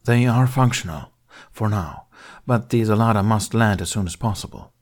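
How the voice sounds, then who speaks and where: A man's voice: fairly low pitch, moderate pace, lightly acted. A man reading a fan fiction audiobook, voicing a stern, formal male Jedi master with cold, contemptuous authority.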